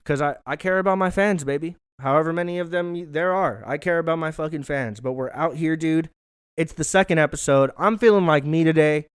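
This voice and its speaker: A man's voice: a little high, brisk, clear, resonant tone. A young man hosting his own show from his living room, chatting loosely with lots of swearing and self-mocking asides. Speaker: podcast host. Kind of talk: casual solo vlog chat. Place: hot living room at home.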